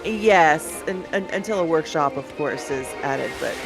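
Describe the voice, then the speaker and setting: A woman's voice: sits low, unhurried, faint music behind, rough recording. A woman joining as a guest streamer in a casual game tour chat, friendly and enthusiastic, laughing easily.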